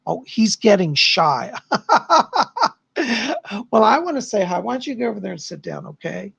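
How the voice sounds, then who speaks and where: A bubbly, gushing man chatting casually on a live stream as a psychic host. His voice sits unusually high and is heavily gravelly, with a husky, rough edge. The sound is close and dry, with no room around it. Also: animated, a little fast, fairly bright tone, dry recording, muffled recording. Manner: bubbly, gushing, laughs often.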